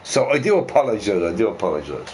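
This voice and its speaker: A man's voice: fairly low pitch, sing-song, fast. A middle-aged man chatting casually and profanely on a live stream, rambling and repeating himself, with faint music behind.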